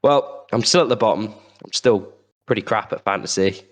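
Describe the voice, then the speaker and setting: A man with a fairly low voice hosts a casual football podcast. He jokes around in a laid-back way and lets sentences trail off as he goes. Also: normal speed. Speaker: podcast host.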